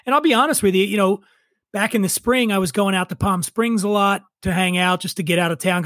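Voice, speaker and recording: A middle-aged man with a high voice talks in a loose, profane, opinionated way, spinning stories in casual conversation. The sound is dry and close. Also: fairly bright tone, no echo. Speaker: podcast guest. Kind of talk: casual chat.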